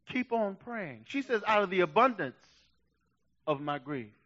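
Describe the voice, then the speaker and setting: A male pastor with a very high, bright voice preaches with passion. He swings from hushed asides to loud, fervent shouts, and the recording sounds dull and lo-fi. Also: big pitch swings, unhurried. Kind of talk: sermon.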